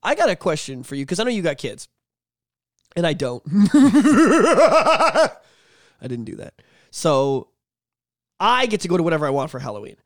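A man's voice: high-pitched, wildly swooping pitch, normal speed, long pauses, no room sound, studio quality. A man in his thirties chatting casually on a podcast, rambling and swearing freely as he tells stories. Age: 30s. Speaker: podcast co-host. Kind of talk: casual chat.

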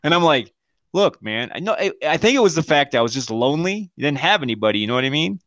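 A man's voice: a little high, big pitch swings, racing, fairly bright tone. A man co-hosting a podcast, telling a story in casual chat, swearing freely, laughing often and acting out the lines of the people in it. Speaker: podcast co-host.

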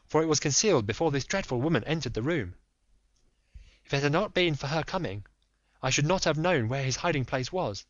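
A man reading the part of a frightened young noblewoman confessing a secret, in a measured, earnest voice. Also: fairly high pitch, a bit bright, dry recording. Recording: dull dry recording.

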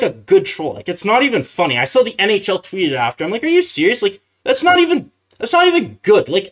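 A man's voice: fairly high pitch, fairly bright tone. A man ranting casually after a hockey game, exasperated, with many fillers and restarts. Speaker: hockey streamer. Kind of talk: casual post-game rant.

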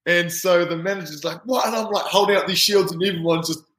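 A man, a rugby player guest telling an animated story in casual chat. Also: high voice, fast. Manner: lively, animated anecdote-telling. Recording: roomy echo.

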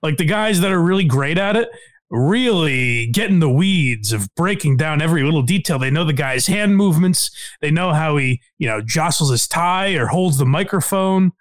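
A man's voice: on the high side, expressive, normal speed. A man co-hosting a casual comedy podcast, rambling and laughing with plenty of restarts. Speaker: podcast co-host.

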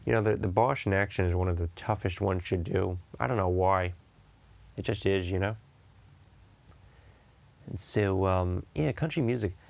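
A man's voice: low voice, normal speed, creaky, long pauses, darkish tone. A man in his thirties hosting a podcast in casual chat, rambling with lots of restarts and free swearing. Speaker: podcast host.

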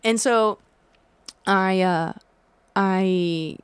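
A woman's voice: medium pitch, very slow, clear, resonant tone, no echo. A young adult woman, a tattoo artist, telling a story in casual podcast chat, swearing freely and acting out her own reactions.

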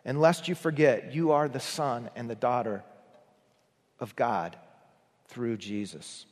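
A male pastor delivers a sermon in a long-echoing church hall. His voice sits at an ordinary pitch, and he talks earnestly, pressing his points harder and then falling almost to a whisper. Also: slow pace. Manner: earnest, swells for emphasis then drops to a hush.

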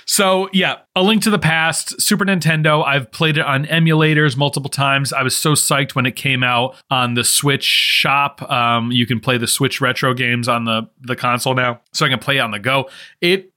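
A man's voice: medium pitch, steady tone, moderate pace, sharp tone. A young man co-hosting a podcast, chatting enthusiastically and nostalgically about video games, laughing often. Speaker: podcast co-host. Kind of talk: casual chat.

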